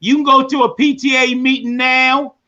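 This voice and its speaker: A man hosting a live podcast, telling stories in an animated way that climbs into emphatic shouts. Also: extremely high pitch, normal speed, lo-fi sound. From Baltimore. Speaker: podcast host. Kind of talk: live storytelling monologue.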